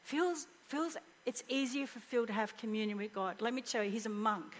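A middle-aged woman preaching a conversational sermon, animated and humorous, sometimes dropping to a hushed voice for emphasis. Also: fairly high pitch, moderate pace, long reverb tail.

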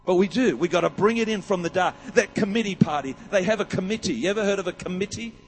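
A man's voice: high voice, fast talker. A man preaching a sermon, emphatic and rousing, with many rhetorical questions. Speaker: pastor. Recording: long hall reverb.

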